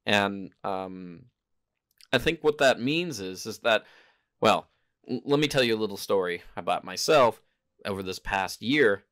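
A man's voice: lowish voice, animated, measured pace, a bit bright. A man hosting a casual solo podcast, rambling and hesitant, often stopping to correct himself. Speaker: podcast host. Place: home in Japan.

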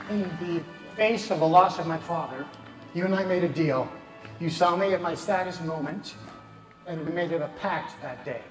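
Heartfelt man in an echoey hall. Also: on the high side. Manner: heartfelt, sometimes choked with emotion. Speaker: speaker presenting awards at a company gala. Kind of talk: emotional ceremony speech. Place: large banquet hall on stage. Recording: echoey hall with long reverb. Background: music and crowd.

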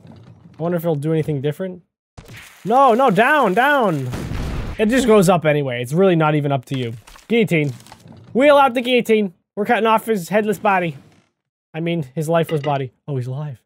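Excitable man yelping through game commentary. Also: fairly high pitch. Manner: excitable, yelps and shouts at surprises. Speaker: gaming channel host. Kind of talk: let's-play game commentary. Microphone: desk microphone.

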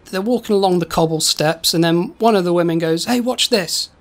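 A woman co-hosting a comedy podcast, telling a silly story in a rambling, halting way with many repeated words. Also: lowish voice. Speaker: podcast co-host.

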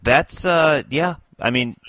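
A man co-hosting a political podcast who asks his questions in a dry, measured way. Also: a little high, a bit bright. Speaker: podcast co-host. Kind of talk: casual political podcast chat.

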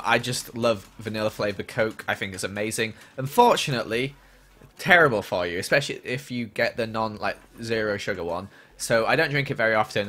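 A man's voice: medium pitch, pushed and bright. A young man chatting casually on a gaming livestream and answering viewer questions as he plays.

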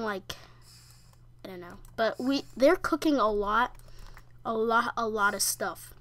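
Young woman, high bright voice, unhurried rambling game commentary with lots of fillers. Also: no room sound. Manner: rambling, halting with fillers and restarts. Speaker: gamer. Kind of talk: casual gameplay commentary.

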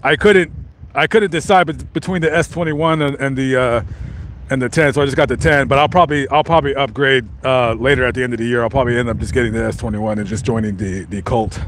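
A man's voice: medium pitch, quick pace, fairly bright tone, a little hiss or hum. A man casually chatting to his live stream viewers while walking around, rambling with lots of fillers and restarts. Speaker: vlogger reading live chat.

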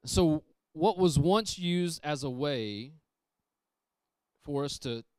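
Emphatic preacher with a smooth voice. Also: male voice, fairly high pitch, animated, slow, dry recording, studio quality. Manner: emphatic, repeats phrases, shifts from loud to hushed. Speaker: pastor. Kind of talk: sermon. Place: church sanctuary.

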